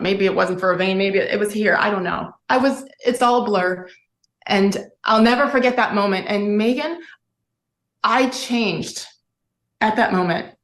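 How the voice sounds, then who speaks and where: A woman's voice: mid-range voice, fairly bright tone. Earnest woman in an echoey room. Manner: emotional, earnest storytelling. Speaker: guest, former sportscaster. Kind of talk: candid interview.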